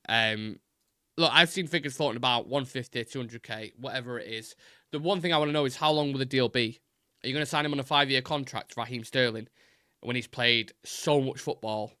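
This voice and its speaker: A man's voice: medium pitch, fairly quick, sharp tone, no echo, clean studio sound. A young man hosting a live fan show, chatting loosely with fillers and restarts, his voice fraying a little. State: voice keeps going. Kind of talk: casual live-stream chat.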